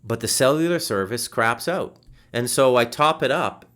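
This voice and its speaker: A man hosting a podcast over a video call, telling a frustrating story in a casual, animated way, swearing and restarting his sentences. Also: mid-range voice, normal speed. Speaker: podcast host. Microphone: video call setup.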